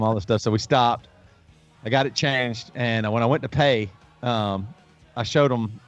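A man's voice: medium pitch, fairly even intonation, normal speed, clear, resonant tone. A man hosting a casual show, telling stories in a rambling way with many restarts. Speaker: host. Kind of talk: casual chat. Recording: dull lo-fi stream, faint music.

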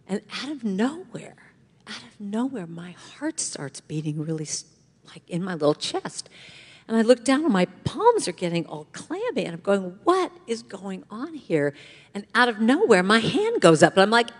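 A middle-aged woman giving an inspirational talk to a congregation, telling a story in an animated way and acting out the voices. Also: mid-range voice. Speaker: guest speaker. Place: large church hall. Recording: long hall reverb.

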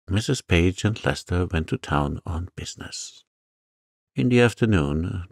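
A man reading a sleep story aloud in a soft-spoken, soothing way. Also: deep voice, gravelly, slightly rough, dry recording, studio quality. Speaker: narrator.

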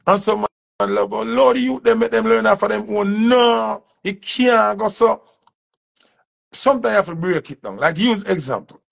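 Gravelly, high-voiced Jamaican man. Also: moderate pace. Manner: emphatic, preachy, repeats his points. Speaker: dancehall artist. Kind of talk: impassioned speech to camera.

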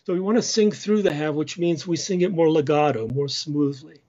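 A man's voice: a little high, normal speed, a little mellow. A man giving a patient lecture on church music and singing short chant phrases as examples. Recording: dull lo-fi sound.

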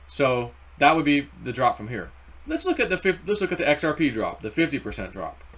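A man hosting a casual crypto market commentary, rambling and animated, acting out quoted voices as he goes. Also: on the high side, brisk. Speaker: crypto video host.

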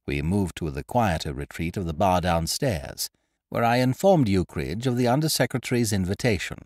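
A man narrating a classic story as a podcast host, with expressive, scripted storytelling on a studio microphone. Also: deep voice, normal speed, dry recording.

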